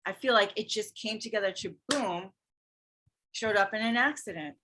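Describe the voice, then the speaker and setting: A woman who teaches yoga and spirituality, telling a personal story in casual conversation, earnest and animated. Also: mid-range voice, normal speed. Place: Hawaii.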